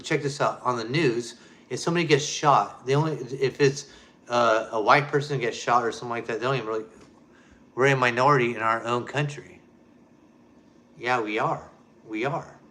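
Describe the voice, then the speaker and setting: This male show host has a mid-range, slightly bright voice and talks at a moderate pace with frequent pauses. He launches into an emphatic, heated rant aimed straight at his audience, hammering the same key phrases again and again.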